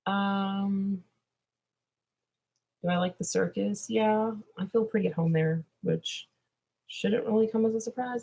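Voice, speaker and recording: A woman's voice: mid-range voice, a little slow, vocal fry, long pauses, warm tone, dull audio. A young woman vlogger answering viewer questions in a rambling, drowsy way that trails off into mumbles. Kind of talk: casual livestream Q&A chat.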